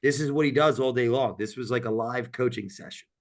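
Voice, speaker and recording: Male podcast host, mid-pitched, energetic and jokey, rambles on in loose casual chat. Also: fairly quick.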